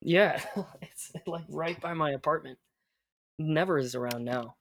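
A man teaching conversational Spanish, patiently explaining and modeling phrases slowly. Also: on the high side, creaky, fairly bright tone.

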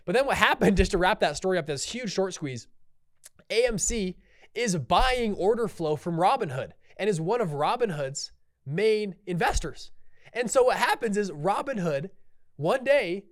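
A man's voice: high voice, lively intonation, moderate pace. A man hosting a solo podcast, talking casually and rambling off on tangents with lots of restarts and fillers. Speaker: podcast host.

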